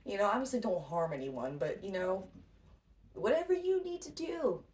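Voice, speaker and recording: A woman with a mid-range, darkish voice talks at normal speed with big pitch swings. She's a tarot reader giving a casual spiritual pep talk, blunt, swearing freely and laughing a lot. A distant mic picks her up with faint noise.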